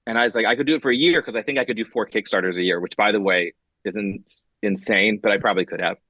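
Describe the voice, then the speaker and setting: Fast, bright-voiced man telling stories. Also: on the low side, no room sound, muffled recording. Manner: animated, acts out quotes, many fillers and restarts. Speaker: guest comic writer. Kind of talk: casual storytelling interview.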